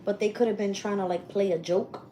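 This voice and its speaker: With slight background noise, a woman of medium pitch delivers a brisk live-stream tarot reading in a dark tone and fairly even intonation. She speaks bluntly, swears freely, and thinks aloud as she shuffles and announces each card.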